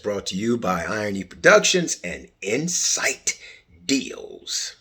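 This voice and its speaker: A man's voice: fairly low pitch, wildly swooping pitch, a little slow, a bit bright, slightly rough. A middle-aged man hosting a podcast, talking in a casual, playful way with jokey asides. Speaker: podcast host.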